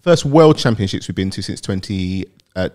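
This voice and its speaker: A man's voice: sits low, animated, moderate pace, crowd noise. A British man, a guest on a show, telling rambling anecdotes in casual interview chat with frequent laughter. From Britain. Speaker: guest, athletics fan and content creator.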